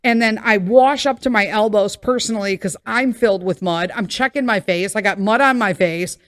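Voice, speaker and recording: A woman's voice: mid-range voice, normal speed, a bit bright, no room sound, studio quality. A middle-aged woman hosting a podcast, telling a casual story with many fillers and acting out the voices she quotes. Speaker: podcast host.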